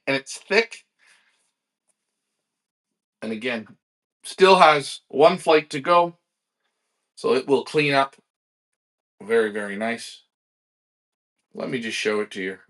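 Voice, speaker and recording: Upbeat man hosting a livestream auction. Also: on the high side. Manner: energetic, salesy, talks straight to viewers. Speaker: livestream pigeon auction host. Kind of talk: live-streamed auction chat.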